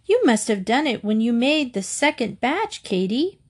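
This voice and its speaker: A woman's voice: a little high, big pitch swings, moderate pace, breathy edge. A woman voicing a timid, fretful young girl in a storybook reading. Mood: worried.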